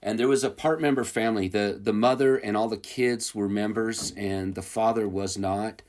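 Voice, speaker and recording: Casting: man with a lowish voice, relaxed anecdote teller, chuckles, loose and rambling. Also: normal speed. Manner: rambling and chuckling, with many fillers and restarts. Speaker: returned missionary telling stories. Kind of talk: casual storytelling interview.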